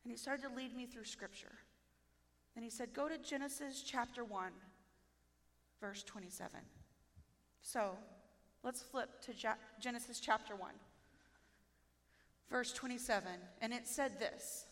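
A woman giving a heartfelt, emotional testimony in a sermon, talking slowly and sometimes near tears. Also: a little high, a bit bright. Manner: tearful, heartfelt, slow storytelling. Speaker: speaker sharing testimony. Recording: echoey hall with long reverb.

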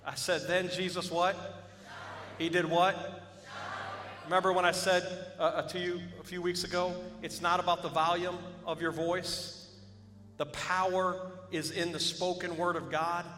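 A man preaching a sermon as pastor, building to shouts and calling on the congregation to respond. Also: high-pitched, flat delivery, unhurried, slight background noise. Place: church hall. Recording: echoey hall with music behind.

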